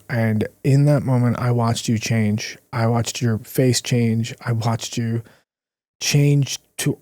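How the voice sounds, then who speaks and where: A man co-hosting a podcast, telling a personal story in an earnest, emotional way with drawn-out pauses. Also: mid-range voice, fairly even intonation, dark tone, dry recording. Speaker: podcast co-host. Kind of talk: casual conversational storytelling.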